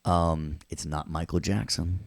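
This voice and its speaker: Low-voiced joking Nashville instructor. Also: male voice, fairly even intonation, unhurried, no room sound. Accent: Southern US, Nashville. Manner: joking, chatty, talks to students. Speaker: audio workstation instructor. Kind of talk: recorded class lecture with jokes.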